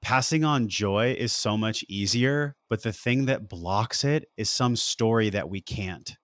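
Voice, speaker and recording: A man's voice: fairly low pitch, a little slow, a bit bright, no room sound. A man as a podcast guest, talking in a reflective, earnest way and repeating words as he thinks. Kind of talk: casual conversation.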